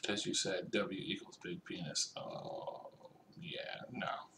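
A bright, forceful young man doing loose gameplay commentary. He jokes and swears freely and calls out to the other players as he plays. He talks slowly, with unhurried pauses. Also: low voice, huge pitch swings, gravelly, echoey room, a little hiss or hum.

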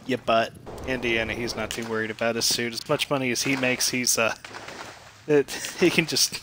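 A man's voice: mid-range voice, level tone, normal speed, pushed and bright, slight background noise. A man streaming a game, giving crude, joking commentary full of swearing. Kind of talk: comedic gameplay commentary.

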